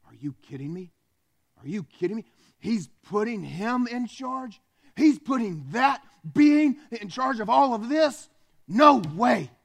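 A man's voice: fairly high pitch, normal speed, natural voice. A man voicing Satan as a proud, seething fallen angel, muttering bitter and boastful lines in a dramatized sermon. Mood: outraged.

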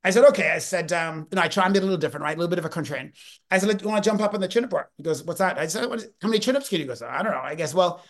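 On a podcast interview, a guest in his fifties talks very fast in a high voice. He's energetic and full of stories, often stopping partway through a sentence to begin it anew.

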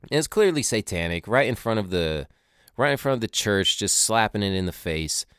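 A young man with a very low, smooth voice rambles through a casual, profane monologue full of conspiratorial asides. The sound is dry and close, with no room around it. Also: lively intonation, normal speed, fairly bright tone, no echo. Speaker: podcaster recounting a tour.

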